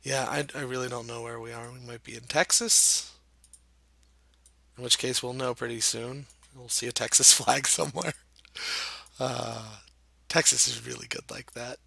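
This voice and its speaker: A man talks his way through a guessing game in a slow, unhurried drawl, stopping often to muse and poke fun at himself. His voice is gravelly and a little husky, with a bright edge. The sound is dry and close, like a desk mic. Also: medium pitch, fairly even intonation, no room sound. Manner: musing, self-deprecating, thinks aloud with frequent hesitations. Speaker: gameplay commentator. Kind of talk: casual let's-play commentary.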